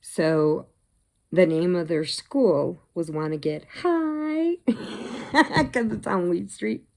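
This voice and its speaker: Telling a laid-back vlog story, this middle-aged woman who crochets laughs readily at her own jokes and stays animated. She speaks in a low, gravelly voice at an easy, unhurried pace.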